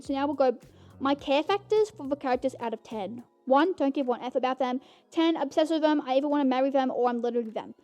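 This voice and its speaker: Bubbly young woman with a high voice. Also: dark tone. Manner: bubbly, rambling, keeps saying "guys". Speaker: podcast host. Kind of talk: casual solo movie review.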